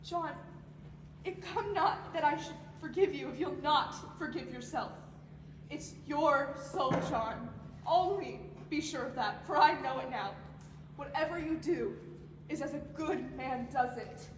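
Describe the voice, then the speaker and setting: A teenage girl playing a humble, remorseful Puritan wife pleading with her husband in a high school stage play. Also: measured pace. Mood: tender. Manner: pleading, tearful. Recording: echoey hall from far off, noisy phone.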